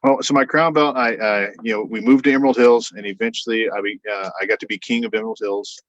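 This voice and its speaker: A podcast guest tells a long anecdote in a casual, rambling way, talking fast and acting out what others said with quoted voices and lots of fillers. The recording is dry, dull, and low-fidelity.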